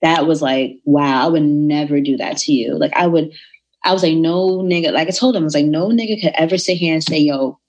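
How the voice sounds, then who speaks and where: A young woman telling a personal story in a casual, animated way, acting out the people in it. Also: low voice, a little fast. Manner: animated, retells dialogue in voices.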